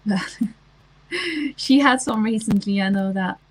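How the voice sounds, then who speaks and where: A woman's voice: medium pitch, expressive, takes it slowly, low-quality recording. A woman, chatting casually on a livestream and answering comments, with lots of ums and restarts. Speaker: livestream host.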